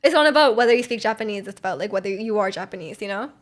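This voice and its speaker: A woman's voice: medium pitch, animated, very fast. A young woman from Canada, streaming and chatting casually while reading viewer messages, rambling with lots of fillers and giggly asides.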